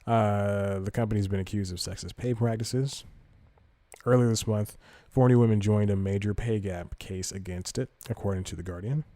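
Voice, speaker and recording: Low, mellow man rambling on a podcast. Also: moderate pace, no echo. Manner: rambling, self-correcting, reads news aloud. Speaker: podcast host. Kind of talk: casual podcast commentary.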